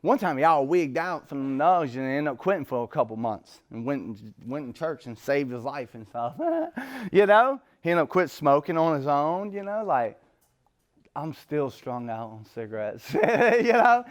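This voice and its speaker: This man speaks about his recovery at a moderate pace, his voice animated and on the high side. The story wanders casually and leans heavily on street slang.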